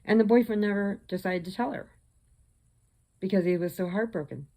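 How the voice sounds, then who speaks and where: A woman's voice: medium pitch, a little fast, mellow, a little hiss or hum. A woman hosting a crafting channel, telling a story in a rambling, conversational way with frequent restarts. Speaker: crochet channel host. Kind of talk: casual storytelling chat.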